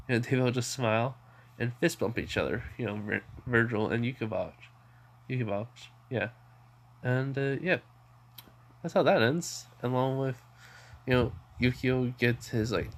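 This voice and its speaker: A man tells a fan-made story off the cuff. He rambles, leans on filler words and often restarts his sentences. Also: medium pitch. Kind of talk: casual improvised storytelling.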